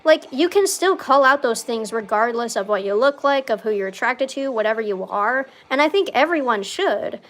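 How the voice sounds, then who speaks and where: A young woman chatting casually over gameplay, rambling with lots of "like" and swearing freely, with loud outbursts when the game goes wrong. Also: on the high side, animated, moderate pace, hardly any pauses. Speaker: gaming streamer.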